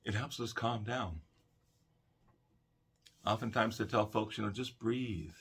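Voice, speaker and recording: Deep gravelly male counselor, calm. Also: unhurried. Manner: calm, conversational, storytelling. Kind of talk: calm self-help talk to camera.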